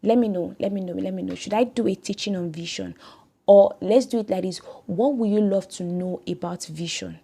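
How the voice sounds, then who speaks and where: A woman's voice: mid-range voice, fairly quick, vocal fry, dark tone, husky. A woman hosting a devotional podcast, speaking in an earnest, exhorting way and repeating phrases for emphasis. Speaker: podcast host.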